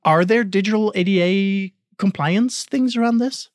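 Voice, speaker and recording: A man hosting a podcast, reading a news roundup in a brisk way and then interviewing a colleague with dry quips. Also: sits high, dry recording. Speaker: podcast host.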